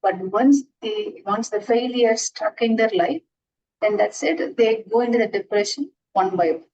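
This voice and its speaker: A woman's voice: mid-range voice, darkish tone, muffled recording, slight background noise. A woman teaching astrology in an earnest lecture, restarting and repeating herself often as she explains. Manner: earnest, repetitive, frequent restarts. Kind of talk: classroom lecture.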